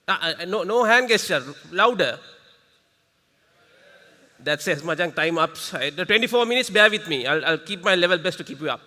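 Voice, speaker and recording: Sri male facilitator, higher-pitched, punchy crowd-work delivery, big room reverb. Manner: lively, coaxes the audience, quick rhetorical questions. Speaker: workshop facilitator. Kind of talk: interactive workshop talk. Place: large conference hall. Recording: reverberant hall.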